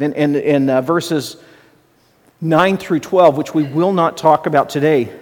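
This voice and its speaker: A middle-aged man, a pastor and school administrator, preaching a sermon in a conversational teaching manner with asides. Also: fairly high pitch. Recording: long hall reverb.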